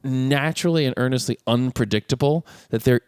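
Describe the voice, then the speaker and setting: A man's voice: medium pitch, a little fast, clear, resonant tone, no echo, studio quality. A man co-hosting a casual film podcast, retelling scenes with frequent laughter. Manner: animated, laughs often while retelling scenes. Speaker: podcast co-host.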